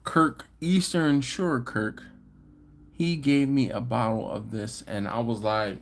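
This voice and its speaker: A man's voice: medium pitch, steady tone, slow, creaky, slight background noise. A man hosting a barbecue live stream, casually reading viewer comments with playful, slangy banter. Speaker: barbecue channel host.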